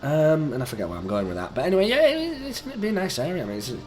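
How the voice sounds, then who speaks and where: A young man, croaky and under the weather, chatting in a rambling, easygoing way while playing a game. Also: a little high, huge pitch swings, very fast, a little mellow, soft background music. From England. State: croaky, sick voice. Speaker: gaming YouTuber. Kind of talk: rambling let's-play commentary.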